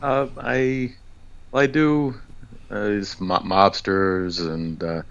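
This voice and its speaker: Chill voice actor guy, lowish voice, laughs a lot, muffled podcast audio. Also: slow pace, smooth. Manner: relaxed, chuckles between answers. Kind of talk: casual podcast chat.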